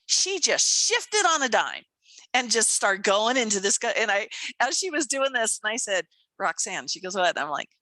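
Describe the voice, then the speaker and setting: A woman co-hosting a podcast, telling stories in a casual chat, animated, acting out voices and laughing often. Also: on the high side, moderate pace, no room sound. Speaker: podcast co-host and coach.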